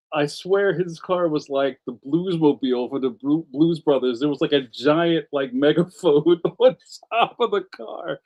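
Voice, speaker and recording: A man's voice: on the high side, mellow, highs cut off. Rambling, laughing male livestream host. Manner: rambling storyteller who laughs often and slips into slang. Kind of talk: casual livestream chat reading comments.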